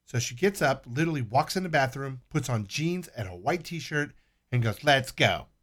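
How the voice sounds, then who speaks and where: A middle-aged man telling stories in a casual chat, cursing freely and animated. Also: medium pitch, normal speed. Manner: profane, animated storyteller.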